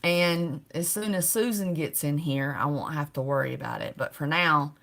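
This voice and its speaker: A woman's voice: sits low, normal speed, vocal fry, a bit bright. A middle-aged woman hosting a casual livestream, greeting viewers by name and laughing often. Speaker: livestream host.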